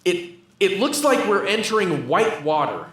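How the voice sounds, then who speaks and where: A man's voice: high-pitched, big pitch swings, normal speed, a bit bright, voice pushed up. A man playing a frightened male pilot lost over the sea, reading urgently in a live comedic reenactment. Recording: roomy live venue.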